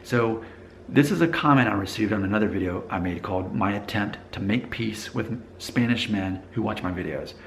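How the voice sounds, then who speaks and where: A man's voice: fairly low pitch, vocal fry, slight background noise. A man vlogging in a conversational, explanatory way, thinking aloud and restarting sentences as he goes. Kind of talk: casual talking-to-camera monologue.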